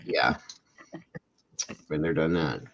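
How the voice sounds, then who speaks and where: A man's voice: very deep voice, takes it slowly, vocal fry, fairly bright tone, lo-fi sound. A man in his forties hosting a casual livestream chat, telling rambling, self-deprecating stories about his family. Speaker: channel host.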